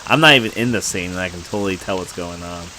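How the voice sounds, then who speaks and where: A man's voice: sits low, fast, bright, forceful tone, a little hiss or hum, poor audio. A man giving casual, joking commentary while playing a horror game. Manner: joking, self-mocking asides. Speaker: let's play commentator.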